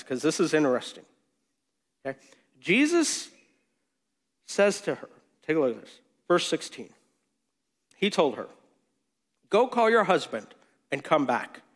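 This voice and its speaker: A man with a fairly high voice preaching a sermon. He talks in a chatty, animated way, cracks jokes and acts out the lines of the people in the story. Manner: animated and conversational, with jokes and acted-out quotes. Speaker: pastor.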